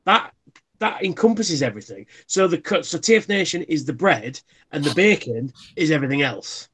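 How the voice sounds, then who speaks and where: Bloke, 30s, streamer host, slightly high voice, swears a lot, rambles. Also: male voice, very animated, normal speed, a bit bright, husky. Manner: swears freely, rambling anecdotes. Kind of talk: casual chat.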